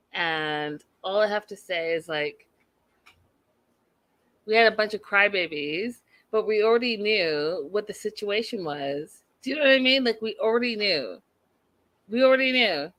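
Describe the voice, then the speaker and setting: Woman hosting a live tv recap, chatty, bright voice, dry close sound. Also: medium pitch, unhurried, dry recording. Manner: chatty, animated, lots of "like" and asides. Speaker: host of a live TV recap show. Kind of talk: casual chat, reacting to live chat.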